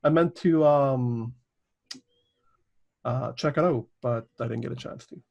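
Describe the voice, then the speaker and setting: A man's voice: medium pitch, measured pace, creaky, lo-fi sound. A man co-hosting a casual gaming podcast, reading news items in a rambling way with lots of ums. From Canada. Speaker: podcast co-host. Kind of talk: casual chat.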